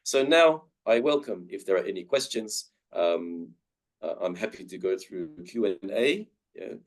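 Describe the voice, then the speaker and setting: A young man gives a webinar lecture on pronunciation. His voice sits fairly low, and he speaks very slowly and deliberately, saying each example word out loud. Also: lively intonation. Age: young adult. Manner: slow, deliberate, modelling each word aloud. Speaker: guest speaker teaching pronunciation.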